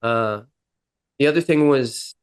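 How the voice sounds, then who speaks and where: A young man, a podcast guest, telling his own story candidly, with halting restarts. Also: medium pitch, clear, resonant tone, no echo. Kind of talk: personal storytelling.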